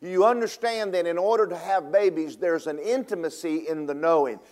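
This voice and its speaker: A man's voice: a little high, moderate pace. Folksy preacher man, dramatic sermon. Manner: folksy, emphatic, varies loudness and pace for effect.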